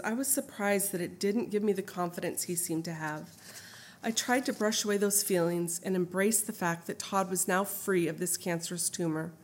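A middle-aged woman reading her own memoir aloud in an earnest, heartfelt, steady way. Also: medium pitch. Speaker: memoir narrator.

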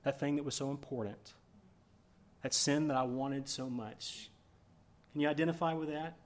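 A man preaching a sermon as pastor, telling a story with animated swings between loud emphasis and hushed asides. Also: on the high side, moderate pace.

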